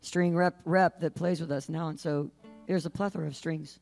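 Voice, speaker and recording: A woman's voice: deep voice, fairly even intonation, moderate pace, gravelly, a little mellow, faint music behind. A woman musician bantering playfully onstage, joking and laughing easily. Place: live concert stage.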